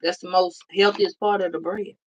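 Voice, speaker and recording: Her voice fairly low and steady, a woman gives viewers a casual tarot reading at a moderate pace, addressing them directly. She's blunt, emphatic and profane, and the recording sounds muffled.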